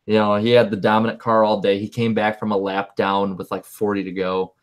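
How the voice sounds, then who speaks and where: A young man co-hosting a podcast, talking casually and animatedly, rambling and repeating words when he gets excited. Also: fairly low pitch, fairly quick. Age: young adult. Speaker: podcast co-host. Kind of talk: casual chat.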